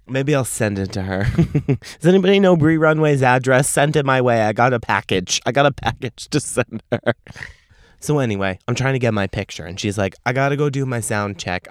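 A man's voice: mid-range voice, clear, resonant tone, no echo, studio quality. A man, hosting a podcast and telling a story in a brash, profane, sassy way. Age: late 20s. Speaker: podcast host. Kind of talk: casual storytelling monologue.

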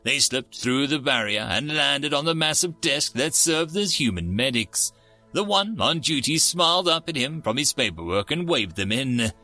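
A man narrating a story in a steady storybook reading. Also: mid-range voice, normal speed, faint music behind.

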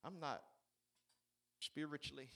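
A man preaching a sermon, swinging between shouted, fiery peaks and quiet, conversational asides. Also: on the high side, measured pace, gravelly. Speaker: pastor.

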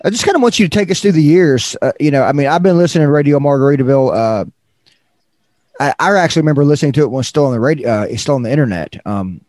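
A man's voice: fairly high pitch, animated, very fast, a little mellow, no echo, clean studio sound. A man hosting a casual interview, asking eager conversational questions. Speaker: interview host.

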